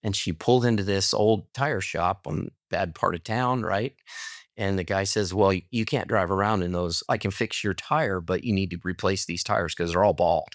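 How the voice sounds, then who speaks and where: A man's voice: deep voice, normal speed, dry recording, studio quality. A middle-aged man, a podcast guest, telling a personal story casually and acting out the dialogue. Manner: animated storyteller, acts out quoted dialogue.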